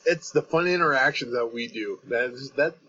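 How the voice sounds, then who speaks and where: A man's voice: medium pitch, moderate pace, sharp tone, muffled recording. A Canadian man with a Canadian accent, chatting on a podcast in a rambling, self-interrupting way and laughing often. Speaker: podcast host and guest. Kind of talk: casual podcast chat.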